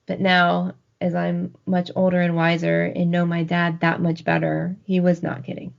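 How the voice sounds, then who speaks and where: A woman in her forties co-hosts a podcast, telling stories in a lively, casual chat and laughing often. Her voice is lowish and gravelly at a normal speed, captured on a dull lo-fi recording.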